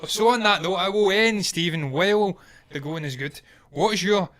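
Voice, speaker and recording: A man's voice: sits high, normal speed, a bit bright. A man co-hosting a casual movie news chat, speaking in an opinionated, emphatic way and laughing easily. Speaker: co-host of a movie news show.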